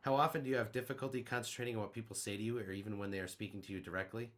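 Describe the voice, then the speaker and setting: A young man co-hosting a casual podcast, rambling through joking stories and quiz questions. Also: racing. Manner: rambling, joking storyteller with lively swings in pitch. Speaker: podcast co-host. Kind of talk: casual chat.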